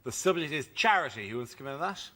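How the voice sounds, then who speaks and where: A man hosting a panel show, briskly announcing topics and introducing each comedian. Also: medium pitch, lively intonation. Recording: loud audience in a TV studio.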